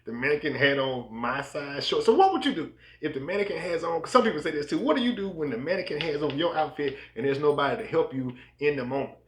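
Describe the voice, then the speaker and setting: A man in his thirties co-hosting a married couple's podcast, talking casually in a soft, low-key voice that sounds close to a whisper, and acting out quoted voices as he tells stories. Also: lively intonation, fast talker, hardly any pauses, roomy sound. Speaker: podcast co-host. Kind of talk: casual chat.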